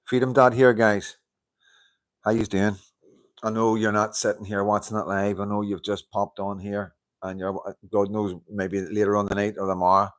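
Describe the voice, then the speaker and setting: A livestream host with a lowish voice talks at a moderate pace in a flat delivery. He greets viewers in a casual chat, laughing often and swearing freely into a handheld wireless mic.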